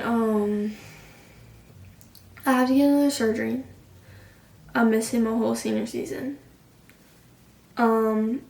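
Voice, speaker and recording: Her voice sits on the high side, gravelly and darkish, as this late-teen vlogger pours out a personal story full of "like." She's emotional and rambling, and the distant mic sounds roomy.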